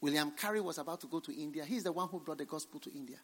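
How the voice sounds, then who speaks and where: A male preacher giving a revival sermon in a fairly high voice. He drops to near whispers, then bursts into shouts, and he hammers his points home through repetition. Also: very fast. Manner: dramatic swings between hushed and shouted lines; repeats phrases for emphasis.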